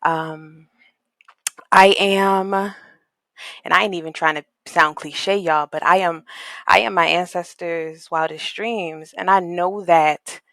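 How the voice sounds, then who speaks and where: In this reflective interview, a woman who works as an equity coach and consultant talks at an unhurried pace with a low, steady voice. Her manner is thoughtful and searching, full of "um" and "like," and she comes across as warm, earnest and spiritual. The sound is dry and close-miked.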